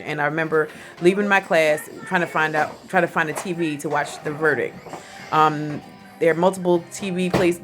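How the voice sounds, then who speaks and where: Chatty woman vlogger, lowish voice. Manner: chatty, animated retelling with frequent laughs. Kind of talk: casual commentary vlog.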